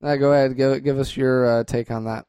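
A woman's voice: a bass voice, steady tone, fairly quick, warm tone, clear, resonant tone, no room sound, highs cut off. A woman co-hosting a podcast, joking around in playful, teasing banter and laughing often. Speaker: podcast co-host.

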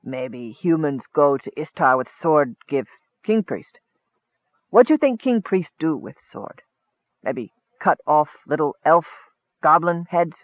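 A man's voice: on the high side, lively intonation, slow, no room sound. A man voicing a sly male goblin who speaks in broken, knowing sentences, heard over a tinny phone-like line.

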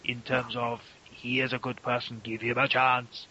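A man's voice: medium pitch, monotone, normal speed, dull audio, heavy background noise. A man, playing a blunt, money-minded character in a tabletop role-play game. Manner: blunt, mercenary, questioning. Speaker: player.

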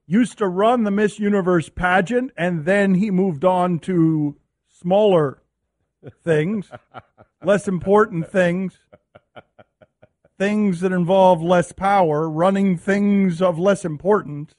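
A male radio host telling a story with animated energy, laughing as he talks. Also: sits high, slow. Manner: excitable storyteller, laughs while talking. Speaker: radio sports show host.

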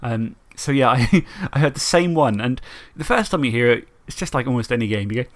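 A man's voice: mid-range voice, animated, fairly quick, hardly any pauses. A man co-hosting a podcast, chatting casually and rambling, often laughing. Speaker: podcast co-host. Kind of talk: casual chat about tabletop and video games.

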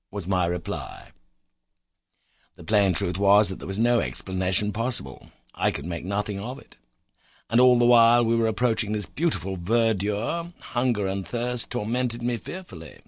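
A man reads a classic adventure novel aloud in a fairly low voice, telling it in the first person with measured, expressive pacing. The recording is dry and close, with no room sound. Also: no echo. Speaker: audiobook narrator. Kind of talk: scripted narration of a classic novel.

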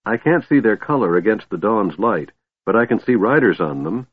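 A man voicing an excitable young male kender with a shrill, chattering voice, reading a storybook. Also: breathy edge, no room sound. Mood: uneasy. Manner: babbling, quick to excitement. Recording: tinny phone-like sound, dry.

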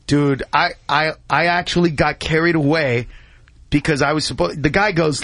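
High-voiced excitable comedian man. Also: normal speed, no echo. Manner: excitable, says dude and bro a lot, acts out voices. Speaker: comedian guest. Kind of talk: animated anecdote telling on talk radio.

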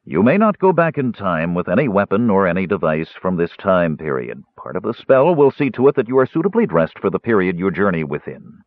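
A man voicing a stern, measured male mage who speaks coolly and with authority, on a tinny, dry recording. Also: deep voice, big pitch swings, no room sound. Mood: firm. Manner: cool, deliberate, authoritative.

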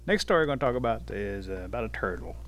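Relaxed male folk storyteller. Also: on the low side, very fast, vocal fry. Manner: relaxed, conversational telling with fillers.

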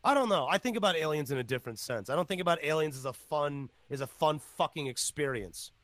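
An excitable man hosting a casual podcast, swearing freely and hopping from topic to topic. His voice sits a bit high and sounds bright and forceful, dry and close to the mic. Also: fast talker, no echo. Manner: excitable and profane, jumps between topics. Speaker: podcast host.

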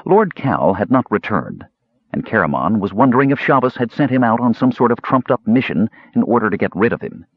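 A low-voiced man reads a fantasy novel aloud with dramatic, animated pitch. His voice is somewhat husky, and the recording is dry and a little dull. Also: a little fast, dry recording. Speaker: audiobook narrator. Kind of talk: scripted narration.

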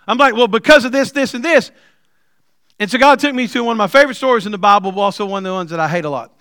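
A middle-aged man preaching a sermon, telling stories with humor and building to loud, emphatic points. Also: sits high, very fast, no echo, studio quality. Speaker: pastor.

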